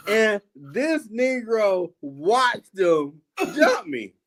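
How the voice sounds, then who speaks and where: Animated, high-voiced man. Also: slight background noise. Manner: animated, laughing, acts out quoted voices. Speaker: host. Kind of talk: casual storytelling chat.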